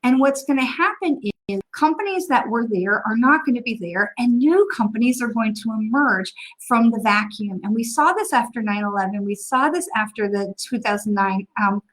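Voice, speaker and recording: A woman in her fifties, a psychic medium, talking through a casual live stream and answering questions in an encouraging, chatty way with frequent filler pauses. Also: fairly high pitch, lively intonation, poor audio.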